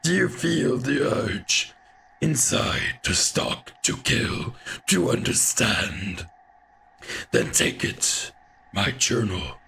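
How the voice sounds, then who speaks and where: A man voicing a grim male bug hunter from a video game, in a raspy, gravelly half-whisper with slow, ominous delivery. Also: mid-range voice, big pitch swings, pushed and bright, slight background noise, exaggerated voice.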